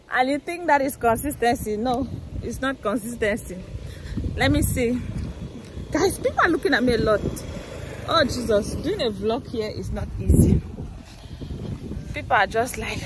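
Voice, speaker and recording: Young woman, casual phone vlog outdoors, higher-pitched, bashful and giggly, street traffic clearly in the background. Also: very animated, unhurried, pauses often. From Cameroon. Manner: chatty, self-conscious, laughs often. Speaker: vlogger. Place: busy city street outdoors. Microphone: phone held while walking. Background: cars and motorbikes passing.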